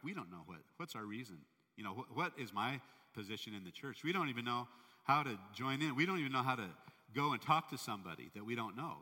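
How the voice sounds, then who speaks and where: Bright-voiced man preaching in a hall. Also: medium pitch. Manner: conversational, animated storytelling. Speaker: pastor. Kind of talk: sermon with storytelling.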